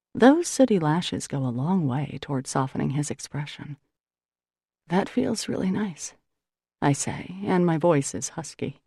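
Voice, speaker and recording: A woman reads a romance novel aloud in the first person, with intimate, measured storytelling. Her voice is low, gravelly and mellow. The close mic is very dry, with no room sound at all. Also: no echo. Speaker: audiobook narrator.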